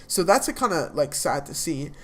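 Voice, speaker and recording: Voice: medium pitch, big pitch swings, normal speed, sharp tone. Rambling casual TV recap speaker. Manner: rambling, with many fillers and restarts. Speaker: TV episode reviewer.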